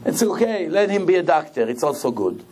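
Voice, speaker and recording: A rabbi preaching a sermon, telling stories in an animated way and repeating phrases for emphasis. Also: male voice, fairly high pitch, fairly quick, a little hiss or hum. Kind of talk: sermon with storytelling.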